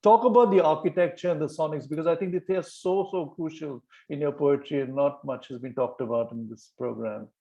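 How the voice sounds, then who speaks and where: A poetry series host on a video call, his voice mellow and warm-toned. He praises effusively and winds through long questions, often restarting his sentences. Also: on the high side, fairly quick, vocal fry, few pauses, lo-fi sound. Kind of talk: interviewing a poet.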